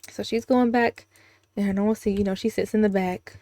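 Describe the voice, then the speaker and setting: A woman's voice: mid-range voice, steady tone, fairly quick, mellow, dry recording. A young woman giving casual, chatty commentary over a life-simulation game, with sudden gasps and giggles. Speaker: gaming video creator.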